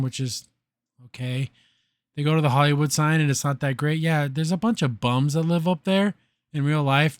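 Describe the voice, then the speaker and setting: A man's voice: mid-range voice, dry recording, clean studio sound. A man hosting a podcast, recapping and criticizing a cartoon episode in a casual, sarcastic, blunt way.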